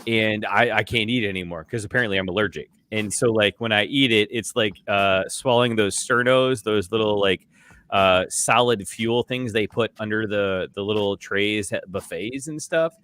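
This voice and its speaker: A man's voice: lowish voice, normal speed, fairly bright tone, dry recording. A young man co-hosting a casual beer podcast, rambling through crude jokes and stories. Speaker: podcast co-host.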